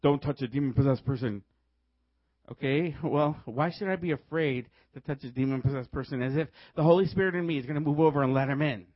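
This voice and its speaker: A man preaching a sermon, telling stories in a lively way and laughing often as he goes. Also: mid-range voice, a little fast, no echo, lo-fi sound. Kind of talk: sermon with storytelling.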